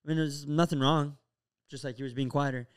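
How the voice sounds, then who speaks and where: A man's voice: a little high, fairly even intonation, a little fast, clean tone. A young man co-hosting a podcast, telling a rambling story in casual chat and acting out the quotes. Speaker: podcast co-host.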